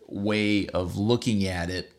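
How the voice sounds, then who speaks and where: Lower-voiced man, halting and earnest. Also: steady tone. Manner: halting, repeats words and restarts. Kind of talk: conversational Bible discussion.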